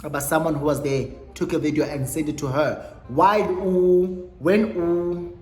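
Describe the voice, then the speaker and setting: A woman's voice: deep voice, unhurried, darkish tone. A young South African woman tells a dramatic story straight to camera, switching freely between Xhosa and English and acting out each quoted line. Her voice bounces around a roomy, echoey space, and faint music plays underneath. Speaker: vlogger. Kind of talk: storytime monologue.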